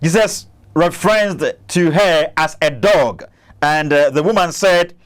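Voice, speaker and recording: A man's voice: a little high, measured pace. A man hosting a commentary channel, arguing against a clip he plays, stammering and repeating himself. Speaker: Christian apologist channel host.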